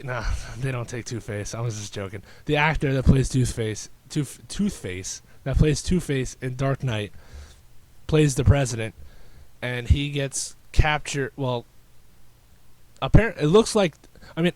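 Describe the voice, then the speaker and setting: A young man hosting a casual solo podcast, rambling and sarcastic with many halting restarts. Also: a little high, darkish tone, no room sound. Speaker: podcast host.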